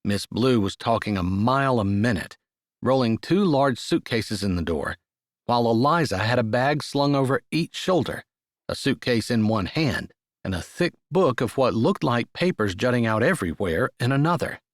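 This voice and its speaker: Steady male audiobook narrator, dry studio. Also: mid-range voice, no room sound. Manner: steady, measured storytelling. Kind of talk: scripted narration.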